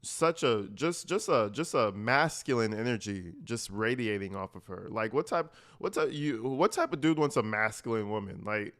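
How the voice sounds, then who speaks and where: Smooth-voiced man giving blunt, crude commentary. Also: fairly low pitch, lively intonation, moderate pace, few pauses, fairly bright tone. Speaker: commentator reacting to meeting clips. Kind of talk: profane casual commentary.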